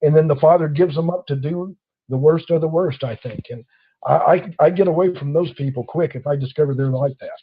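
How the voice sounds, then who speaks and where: A man's voice: fairly high pitch, fairly quick, husky. A man in casual conversation, telling stories and acting out the people in them. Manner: storytelling, acting out quoted people. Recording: dull lo-fi audio.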